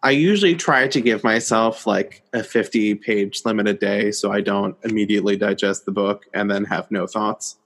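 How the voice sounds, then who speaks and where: A young man co-hosting a casual book podcast, relaxed and chatty with plenty of fillers. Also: fairly low pitch, normal speed, few pauses. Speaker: podcast co-host.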